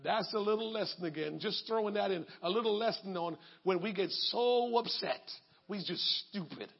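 High husky preacher, lively, emphatic, shouts, dull lo-fi recording. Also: male voice, normal speed. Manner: emphatic, colloquial, bursts into shouting. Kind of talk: sermon.

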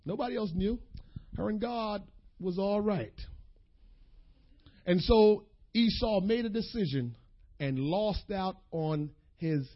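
Impassioned preacher man, husky and high. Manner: impassioned, folksy, addresses the congregation directly. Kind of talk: sermon. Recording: dull lo-fi sermon recording.

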